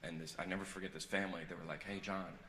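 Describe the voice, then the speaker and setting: A man doing a stand-up comedy set on stage, rambling and self-deprecating, swinging from earnest confession to loud joking. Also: low-pitched, steady tone, very fast. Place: large theater on stage. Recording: echoey live hall recording with crowd noise.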